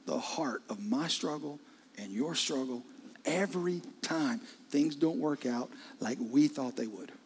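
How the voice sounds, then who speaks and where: A man preaching a sermon in a conversational, intimate way, often dropping into hushed asides. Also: a little high, a little hiss or hum. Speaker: pastor.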